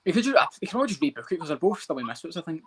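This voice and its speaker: A man co-hosting a casual podcast chat about fights, talking fast, swearing and laughing a lot. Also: fairly high pitch, very animated, husky. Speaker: podcast co-host.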